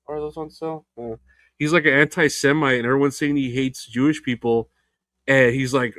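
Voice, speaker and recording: A young man rambles through his own podcast, swearing freely and jumping loosely from thought to thought. His voice sits in a middle pitch. The sound is close and dry, with no room around it. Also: steady tone, moderate pace, fairly bright tone, dry recording. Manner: rambling, profane, loose and unfiltered. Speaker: podcast host. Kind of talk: casual solo podcast chat.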